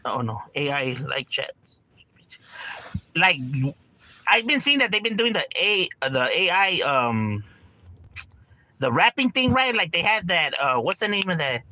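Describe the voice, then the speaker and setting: Streamer guy, slangy and profane, bright bouncy voice, a bit high. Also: sing-song, measured pace, pauses often. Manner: slangy, rambling, calls listeners bro and homie; swears freely, laughs often. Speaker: livestreamer reading chat. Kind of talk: casual livestream chat.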